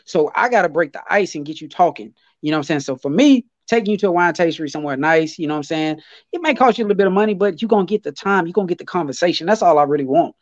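A man co-hosting a casual podcast chat, animated and slangy, often repeating his phrases. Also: a little high, rapid-fire, no room sound, lo-fi sound. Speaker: podcast co-host.

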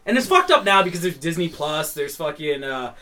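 A young man chatting as a podcast co-host, telling stories animatedly, swearing freely and breaking into loud laughter. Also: fairly high pitch, very animated, a little fast. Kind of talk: casual chat.

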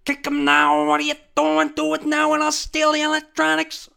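A man voicing a small, bossy male monkey thief who nags in a shrill voice. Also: monotone, normal speed, vocal fry, sharp tone, full character voice.

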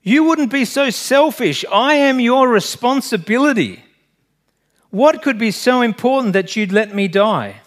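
Preacher acting out a desperate male stranger, high and pleading, shrill when upset. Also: very animated, moderate pace, hardly any pauses. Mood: shrieking. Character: desperate male stranger dangling from a rope, pleading and guilt-tripping.

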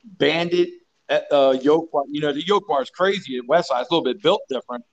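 A man in his forties, a strength coach being interviewed, telling loose, profane stories in a rambling, animated way. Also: on the high side, brisk, dull audio. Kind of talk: casual storytelling interview.

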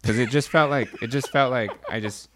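A man's voice: mid-range voice, fairly quick, fairly bright tone, a little hiss or hum. A man co-hosting a podcast in casual chat, laid-back and joking, often mumbling. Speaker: podcast co-host.

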